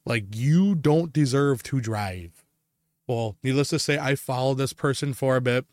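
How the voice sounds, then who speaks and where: A man's voice: mid-range voice, measured pace, a little mellow, no room sound, studio quality. A man from Wisconsin co-hosting a casual podcast, telling a road story in a profane, ranting way. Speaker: podcast co-host. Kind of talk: casual chat.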